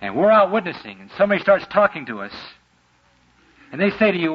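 A man preaching with a husky, slightly breathy voice that swings up and down in pitch. His delivery is dramatic, and he slips into the voices of the people he quotes. The recording sounds dull and muffled. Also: big pitch swings, fast, pauses often. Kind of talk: sermon.

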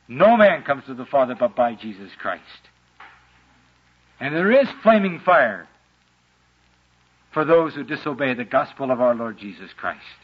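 A man preaching with a husky, slightly breathy voice that swings up and down in pitch. His delivery is dramatic, and he slips into the voices of the people he quotes. The recording sounds dull and muffled. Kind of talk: sermon.

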